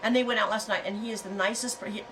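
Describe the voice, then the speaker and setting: A woman's voice: mid-range voice, fairly even intonation, rapid-fire, distant mic, background noise. A middle-aged woman hosting a casual livestream chat, talking in a frank, rambling way and telling stories with animation. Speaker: host.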